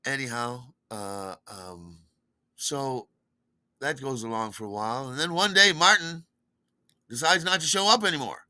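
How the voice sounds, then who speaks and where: A man's voice: animated, measured pace, pushed and bright, dry recording. A man hosting a podcast, telling a rambling personal story in a casual way and acting out the dialogue with jumps in his voice. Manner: rambling, acts out quoted dialogue with pitch jumps. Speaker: podcast host.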